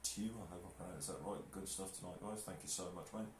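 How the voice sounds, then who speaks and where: A man with a very low voice chatting easily on a live stream and reading out viewer comments. He sits back from the mic in an echoey room, with faint noise behind him. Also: fast talker, far from the mic. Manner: easygoing, reads out viewer comments. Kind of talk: casual chat.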